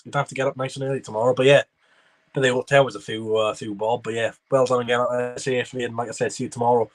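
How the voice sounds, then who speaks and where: A young man talks over a live football match. He chats casually, calls the play as it happens and answers messages from his viewers in between. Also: medium pitch. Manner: chatty running commentary, reading out viewer messages. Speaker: football watchalong streamer. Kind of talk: live match reaction with chat replies.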